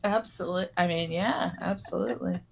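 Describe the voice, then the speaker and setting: A woman's voice: on the low side, normal speed, vocal fry, husky. A woman co-hosting a casual podcast, rambling through a film plot and acting out the characters' quotes. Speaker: podcast co-host. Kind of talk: casual chat.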